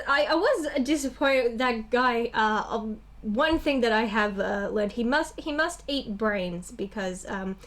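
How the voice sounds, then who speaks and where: A young woman co-hosting a casual movie review chat, animated and blunt, acting out characters' lines as she talks. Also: fairly high pitch. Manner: animated, acts out characters' lines, swears freely. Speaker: co-host.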